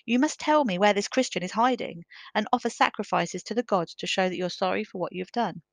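A woman's voice: medium pitch, brisk, dry recording, natural voice. A woman reading as an angry Roman governor. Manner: demanding, shouting orders.

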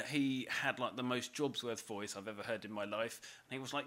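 A man's voice: medium pitch, fairly quick, few pauses, fairly bright tone. A man on a podcast, animatedly telling a story through laughter and swearing. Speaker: podcast co-host. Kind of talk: casual storytelling chat.

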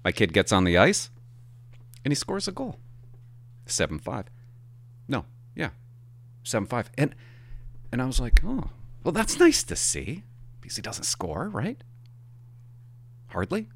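A middle-aged man, a hockey parent, telling a rambling, animated story in a casual monologue and swearing for emphasis. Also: mid-range voice, measured pace, long pauses.

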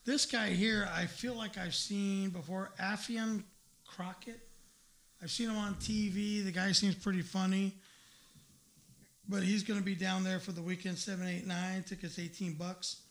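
Male talk host, high gravelly voice, crude and rambling, swears freely. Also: little pitch movement, measured pace, a bit bright. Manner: blunt, profane, rambling with many uhs. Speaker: radio show host. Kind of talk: casual crude comedy talk.

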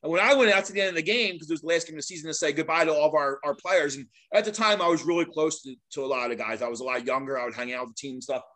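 Fast-talking, animated middle-aged man. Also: a little high. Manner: animated, laughs often, acts out quotes. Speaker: guest, veteran sports mascot. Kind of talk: casual storytelling.

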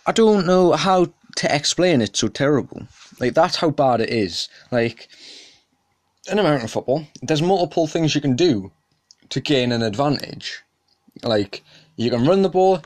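A young man hosting a solo podcast, ranting with indignation and often jumping up in pitch and volume. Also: a little mellow, dry recording, clean studio sound. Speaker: podcast host. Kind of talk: casual solo podcast rant.

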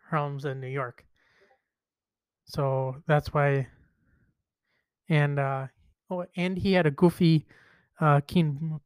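A man's voice: fairly high pitch, dry recording. A man hosting a casual wrestling podcast, rambling through retold quotes with frequent restarts. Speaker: podcast host.

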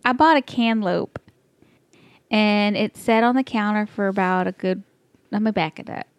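A woman's voice: medium pitch, moderate pace, no room sound. A woman with a Texas twang tells a story in a casual chat, breaking into laughter again and again. Her voice sits in an ordinary middle range. The sound is close and dry. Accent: Texan. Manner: animated, laughs often, acts out her own thoughts.

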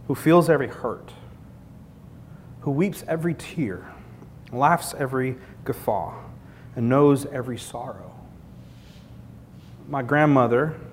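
A man preaching a sermon in an earnest, conversational way, building points through repetition. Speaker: pastor. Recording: long hall reverb, faint rumble.

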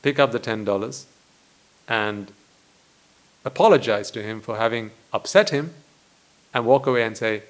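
Man giving a deliberate dharma talk. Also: mid-range voice. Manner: deliberate, with rhetorical questions and repetition. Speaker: Buddhist monk teaching.

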